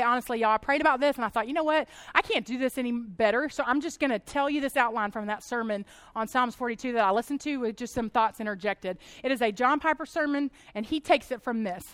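Woman, 30s, high voice, chatty animated preaching, dry close recording. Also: clean tone, no room sound. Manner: chatty, animated, laughs often. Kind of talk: casual sermon talk.

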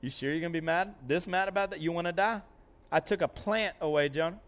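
A man voicing God, calmly questioning a sulking prophet. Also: on the high side, quick pace, lightly acted. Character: patient questioning God, calm male voice.

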